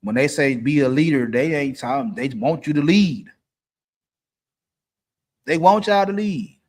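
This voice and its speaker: A man's voice: fairly high pitch, unhurried. A middle-aged man, hosting a live stream and giving blunt dating advice, repeating his points for emphasis. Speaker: livestream host.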